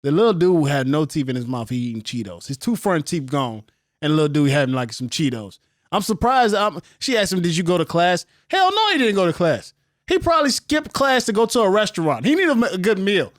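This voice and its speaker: A man's voice: high voice, big pitch swings, a little fast, no echo, studio quality. A man co-hosting a podcast, joking in slangy casual chat about a reality show. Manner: joking, slangy, interjects often. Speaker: podcast co-host.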